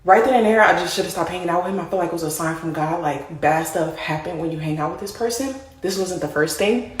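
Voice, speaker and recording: A woman casually telling a story to her viewers, animated and speaking to them as y'all. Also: lowish voice, quick pace, a little hiss or hum. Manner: animated, addresses listeners as y'all. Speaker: storyteller in a played clip. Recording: roomy echo.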